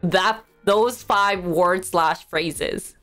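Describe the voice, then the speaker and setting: A woman's voice: fairly low pitch, extremely slow, fairly bright tone, soft background music. A young woman chatting casually on a live stream, rambling and poking fun at herself. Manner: chatty, rambling, self-mocking.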